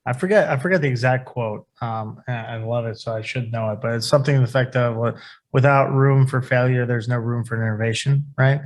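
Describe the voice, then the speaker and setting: A man on a business podcast talks in a loose, offhand way, filling his sentences with "like" and tagging them with "right?". His pitch sits in an ordinary middle range. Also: a little fast. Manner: loose and conversational, many "like" and "right?" tags. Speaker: podcast co-host. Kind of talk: casual podcast chat.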